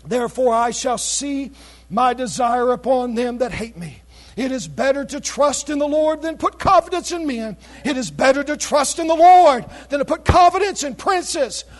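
A man preaching a sermon, reading scripture aloud and calling out to his congregation with shouted exclamations, while losing his voice. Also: extremely high pitch, a little slow. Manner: reads scripture in King James wording.

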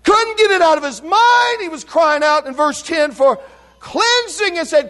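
A man preaching an impassioned revival sermon in church, shouting some lines and dropping to a hush on others, calling the congregation to answer back. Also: very high voice, expressive, normal speed. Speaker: pastor. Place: church sanctuary.

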